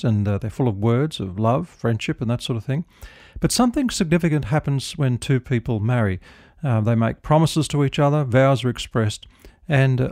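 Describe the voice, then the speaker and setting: Casting note: middle-aged minister, gentle storytelling, dry studio sound. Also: male voice, mid-range voice, no room sound. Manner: gentle storytelling, prayerful close. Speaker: devotional host, minister. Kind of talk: radio devotional talk.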